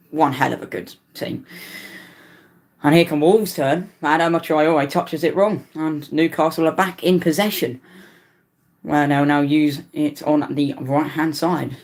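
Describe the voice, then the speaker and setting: A tired young man in his late teens, giving rambling, stumbling live commentary on a football match as a fan, his voice jumping up in pitch whenever a team attacks. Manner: excitable play-by-play that jumps up in pitch on attacks.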